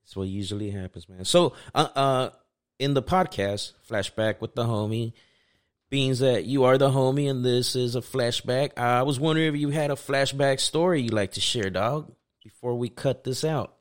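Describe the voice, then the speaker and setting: A man's voice: medium pitch, normal speed. A man hosting a casual podcast, laid-back and slangy, mostly giving short replies. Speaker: podcast host. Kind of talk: casual chat.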